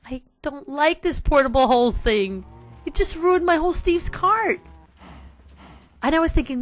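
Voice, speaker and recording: A woman's voice: high-pitched, very animated, takes it slowly, pauses often, a bit bright, no echo. A woman hosting a casual let's play, talking to her viewers in an exasperated way and sighing often. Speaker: gaming channel host.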